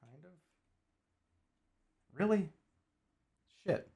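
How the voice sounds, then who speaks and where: Drawing out his words in a warm tone, a man in his forties chats casually with livestream viewers. He jokes and swears while putting a puzzle together.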